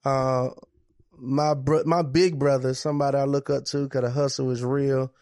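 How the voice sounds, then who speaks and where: A man's voice: mid-range voice, level tone, normal speed, a little mellow, no room sound, clean studio sound. A man hosting a podcast in a hyped, joking, slangy manner. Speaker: podcast host. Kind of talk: casual podcast chat.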